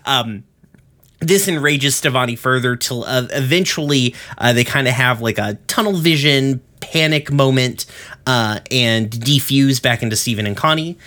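A man hosting a podcast walks through an episode in a loose, rambling recap. He swears freely and leans on fillers between thoughts. His voice is bright and forceful at a middle pitch. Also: moderate pace. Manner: rambling, profane, lots of fillers. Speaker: podcast host.

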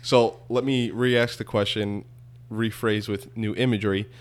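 A man's voice: lowish voice, fairly even intonation, a little slow. A man co-hosting a casual podcast chat, rambling and questioning with many restarts. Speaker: podcast co-host.

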